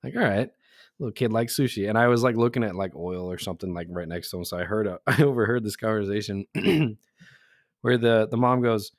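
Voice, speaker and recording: A man's voice: on the low side, a little fast, no room sound, studio quality. A man co-hosting a casual podcast, telling anecdotes, laughing often and acting out the people he quotes. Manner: laughs through his stories, acts out quoted voices. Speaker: podcast co-host. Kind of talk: casual chat.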